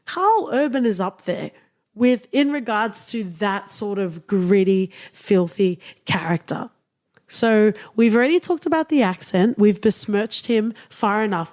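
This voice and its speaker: A woman's voice: mid-range voice, animated, normal speed, darkish tone. A woman co-hosting a podcast in casual chat, blunt and profane, often laughing. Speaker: podcast co-host.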